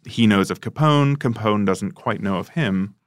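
A man's voice: on the low side, moderate pace, no echo, studio quality. A man co-hosting a casual history chat, who laughs often while he tells the story. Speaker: podcast co-host.

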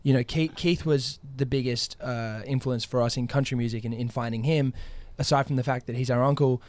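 A man's voice: mid-range voice, fairly even intonation, fairly quick, a little mellow, no echo. A man with an Australian accent, a guest musician in a casual interview, talking in a rambling, enthusiastic way with lots of fillers. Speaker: country music duo member, guest.

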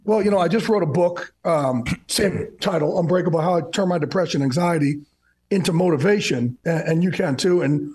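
A man's voice: fairly high pitch, fairly quick, breathy edge. A man in his fifties from New Jersey, a radio guest talking candidly over a video call, restarting words as he goes. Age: 50s. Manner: candid, energetic, repeats words when starting a thought. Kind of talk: casual interview chat.

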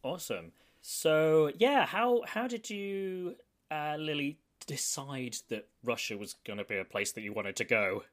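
Chatty British podcast host, lively pitch. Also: unhurried. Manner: chatty, self-mocking, laughs often. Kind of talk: casual podcast chat.

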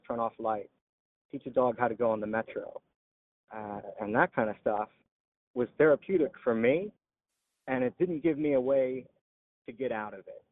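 A veteran telling his story in an interview, halting with frequent "uh" pauses. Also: mid-range voice. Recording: tinny phone-like line.

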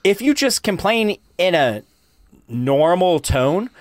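A man's voice: high-pitched, very animated, slow pace, no echo, studio quality. A man in a casual podcast chat, laying out his point in a reasoned, persuasive way.

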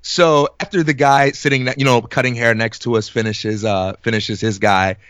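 A young man in his twenties telling an animated, laugh-filled story in casual podcast chat. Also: medium pitch, normal speed, clean tone, dry recording, studio quality.

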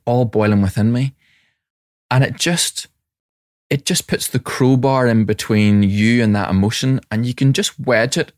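A man's voice: fairly low pitch, no room sound, clean studio sound. A man speaking as a mindfulness teacher and separated father, telling reflective personal stories with frequent restarts in a conversational interview. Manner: reflective, warm anecdotes with many restarts.

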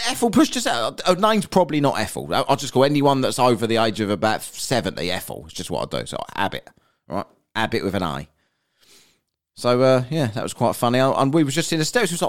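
A man hosting a comedy podcast and spinning crude anecdotes at an ordinary middle pitch. His voice swings widely and expressively as he tells them. He curses freely and keeps tossing "right?" at his listeners. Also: sing-song, fast talker. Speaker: podcast host. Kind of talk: comic anecdote storytelling.

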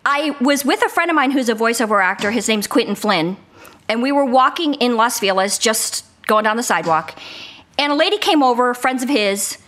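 High, lively woman voice actor. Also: brisk. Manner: animated storyteller who acts out quotes. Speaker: guest voice actor. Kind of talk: casual interview chat. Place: living room at home. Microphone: remote home setup.

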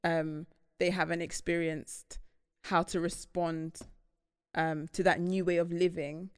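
Lively young woman telling stories. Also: fairly low pitch, slow, clear, resonant tone, no echo, studio quality. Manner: animated storytelling. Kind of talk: casual chat.

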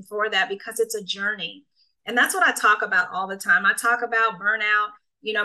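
A woman's voice: medium pitch, pushed and bright, rough recording. A woman coach and speaker in casual conversation, talking emphatically and repeating key phrases for effect.

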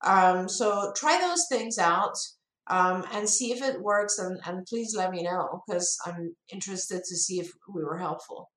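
Woman co-host, relaxed conversational advice with fillers, roomy echo. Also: fairly low pitch, a little slow. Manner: conversational, many fillers and restarts. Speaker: co-host answering parent questions. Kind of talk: live Q&A advice talk.

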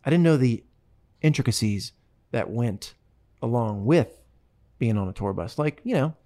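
A man's voice: medium pitch, expressive, moderate pace, warm tone. A man hosting a show, chatting casually and telling rambling, joking stories into a studio microphone. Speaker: show host and touring musician. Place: radio studio.

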